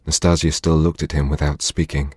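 Deep, husky male audiobook narrator. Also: level tone, a little mellow, no room sound, clean studio sound. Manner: measured, dramatic reading.

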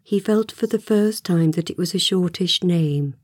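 A woman with a low, warm voice narrates a storybook audiobook from a script, reading at normal speed. The recording is dry, with clean studio sound.

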